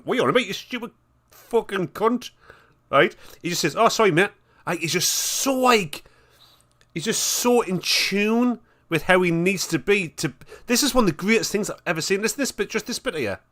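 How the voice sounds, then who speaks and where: A man's voice: fairly high pitch, bright, forceful tone. A man hosting a show, reacting to clips in a blunt, sweary, casual commentary, with a cold. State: has a cold.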